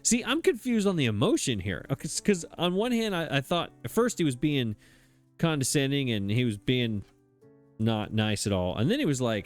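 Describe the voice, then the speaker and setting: Jokey man with a lively, bouncing voice. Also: medium pitch, normal speed, faint music behind. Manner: jokey, self-deprecating, laughs often. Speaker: let's play host. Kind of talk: casual gameplay commentary.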